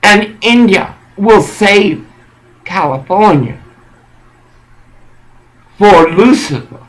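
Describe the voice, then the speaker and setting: A man giving a rambling, preachy monologue in an intense, halting way that circles back and repeats phrases. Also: high-pitched, lively intonation, fairly bright tone, rough recording.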